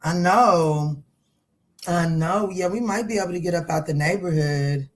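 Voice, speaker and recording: A woman's voice: fairly low pitch, a little slow. Playful, chatty middle-aged woman. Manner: chatty and playful, laughs often, talks back to the chat. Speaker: tarot reader. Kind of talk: casual livestream chat.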